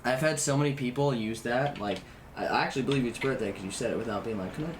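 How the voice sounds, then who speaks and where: A man's voice: mid-range voice, fast, background noise. A young man livestreaming while he assembles a computer, chatting with viewers in a blunt, rambling way, swearing and restarting his sentences. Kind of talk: casual live stream chat while building a PC.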